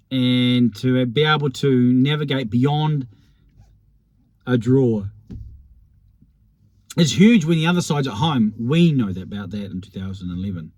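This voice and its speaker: A man's voice: mid-range voice, unhurried, long pauses, darkish tone, dry recording. A man, wryly reminiscing about rugby in a rambling, self-deprecating monologue. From New Zealand. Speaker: rugby vlogger.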